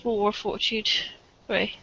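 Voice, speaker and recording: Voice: mid-range voice, flat delivery, measured pace, gravelly, fairly bright tone, slightly rough. A player in a tabletop role-playing game, talking casually and hesitantly, with frequent ums. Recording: dry, dull lo-fi recording.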